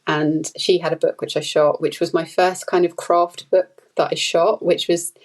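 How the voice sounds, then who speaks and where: A woman's voice: deep voice, level tone, moderate pace, rough recording. A woman talking casually as a podcast guest, chatty and rambling with many fillers and light laughter. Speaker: podcast guest, food photographer. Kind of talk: casual conversational interview.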